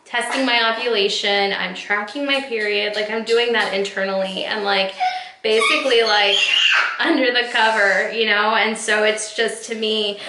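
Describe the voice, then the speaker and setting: A woman in her thirties, vlogging at home as she gets ready, speaks in a mid-range voice at a moderate pace with fairly even intonation. Her talk to camera is candid and heartfelt, meandering and full of fillers, and the camera mic records background noise and room echo.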